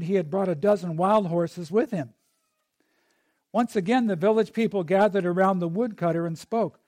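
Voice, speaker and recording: A male preacher delivering a sermon in an easy, conversational way, full of asides. His voice sits high but sounds mellow and dark-toned. The recording is dry and close. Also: dry recording.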